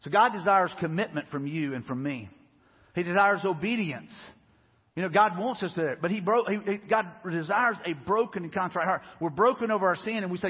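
A man's voice: sits high, fast talker, husky. A man preaching a sermon in a church, earnest and repetitive, acting out prayers in his own voice. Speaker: pastor. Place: church sanctuary. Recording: muffled church recording with reverb. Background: long hall reverb.

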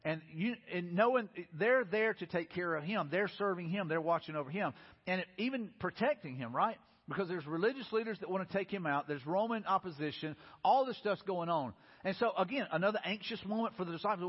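Preacher, quick and chatty, slightly raised pitch, acts out the voices in his story. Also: animated, slightly rough. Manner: conversational, acts out quoted voices. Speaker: pastor. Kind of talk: sermon. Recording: muffled sound in a reverberant hall.

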